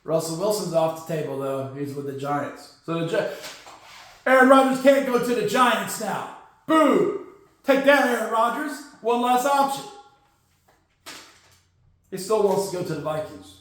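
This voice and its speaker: A man with a very high voice hosts a football news podcast, sarcastic and jokey as he rants. His voice rings in a very echoey room. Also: animated, measured pace, pauses often, fairly bright tone. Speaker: podcast host. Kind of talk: casual football news rant.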